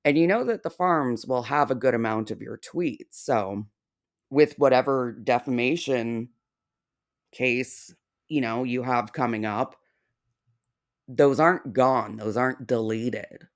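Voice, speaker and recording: Sarcastic woman reaction host, slow talker, curses a lot. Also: rumbling low. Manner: sarcastic, profane, slow and deliberate. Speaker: reaction commentator. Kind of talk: reaction commentary.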